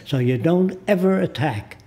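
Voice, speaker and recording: A man's voice: on the high side, expressive, mellow. A man in his nineties from the United States, a guest telling stories in a studio interview and acting out the people in them. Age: 90s. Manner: deliberate storyteller who acts out the people in his stories.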